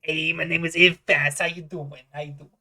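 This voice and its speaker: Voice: medium pitch, little pitch movement, normal speed, bright, forceful tone. A game master voicing an older male halfling bartender who chats like a salesman and repeats himself, improvised at a tabletop game. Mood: cheery. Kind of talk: improvised tabletop role-play voice.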